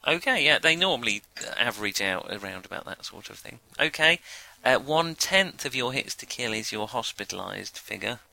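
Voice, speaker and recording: A man acts as game master, talking over the rules in a loose, chatty way. His voice has a gravelly rasp, with a very bright, forceful edge. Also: medium pitch, brisk, hardly any pauses, no room sound, rough recording. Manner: relaxed, chatty, explains rules with fillers. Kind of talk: casual tabletop game chat.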